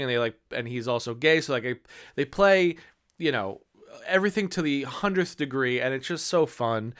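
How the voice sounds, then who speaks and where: A man's voice: medium pitch, fairly bright tone, clear, resonant tone. Enthusiastic thirtysomething man reviewing movies. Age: 30s. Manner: enthusiastic, rambling with many fillers.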